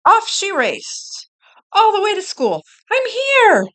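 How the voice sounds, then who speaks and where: A woman reading a picture book aloud to a child, slowly and expressively, pausing to point out the pictures. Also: very high voice. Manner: slow, expressive, doing voices and pointing out pictures.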